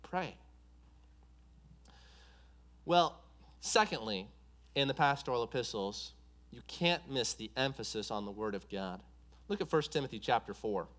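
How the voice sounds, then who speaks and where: A man's voice: mid-range voice, sing-song, measured pace, pauses often, fairly bright tone. A man preaching a sermon, driving points home with an emphatic, repetitive cadence.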